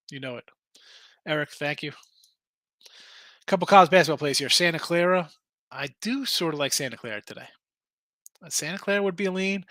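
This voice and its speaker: A man's voice: a little high, sharp tone, no echo. A man hosting a casual sports betting show, arguing picks animatedly and reading chat comments aloud.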